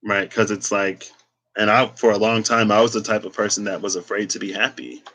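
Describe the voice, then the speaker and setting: Guy doing a rambly tarot talk, kinda low voice but bright and punchy, lots of likes and you knows. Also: fairly even intonation, a little fast. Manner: reflective, meandering, many fillers. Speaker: tarot reader. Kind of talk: casual spiritual talk to camera.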